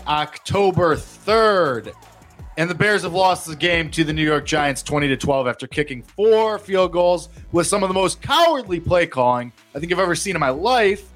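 A man hosting a casual sports podcast, animated and self-mocking, given to rants. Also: fairly high pitch. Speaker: podcast host.

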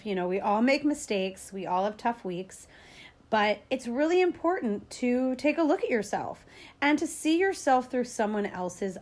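Woman, casual parenting talk, chatty, upbeat, acts out quotes. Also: on the high side. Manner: frequent fillers and small laughs. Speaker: parenting educator.

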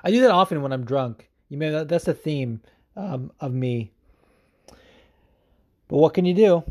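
A man's voice: a little high, animated, moderate pace. A man hosting a podcast, chatting casually in a rambling, profane way with lots of filler words. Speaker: podcast host. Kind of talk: casual chat.

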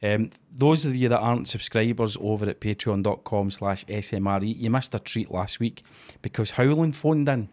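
A man's voice: on the low side, moderate pace, hardly any pauses, darkish tone. A man hosting a podcast, chatting casually and swearing freely. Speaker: podcast host. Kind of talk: casual chat.

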